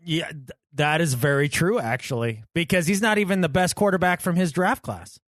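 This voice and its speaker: A man's voice: a little high, normal speed, a bit bright, no room sound, clean studio sound. A man co-hosting a sports podcast, talking in a casual, emphatic and sarcastic way. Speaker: podcast co-host.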